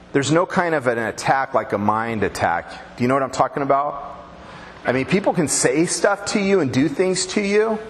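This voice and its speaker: Joking man preaching in a reverberant hall. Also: medium pitch. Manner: conversational, joking preaching to a congregation. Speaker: pastor. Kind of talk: sermon. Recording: reverberant hall, faint background noise.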